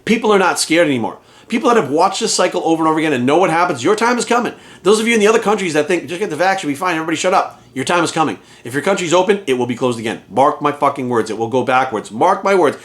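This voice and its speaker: A man's voice: on the high side, animated, racing, few pauses, fairly bright tone. A man in a heated, profane rant to camera, hammering his points home by repeating them. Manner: heated, profane, emphatic, repeats phrases for force. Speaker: fitness trainer and coach. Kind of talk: ranting monologue to camera.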